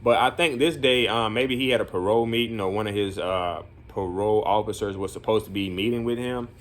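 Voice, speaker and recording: A man with a fairly low voice talks through his day in an easygoing, rambling vlog, leaning on fillers as he goes. He turns earnest and encouraging when speaking of the kids he works with. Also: fairly quick, slight background noise. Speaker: group home counselor. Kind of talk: casual vlog talk.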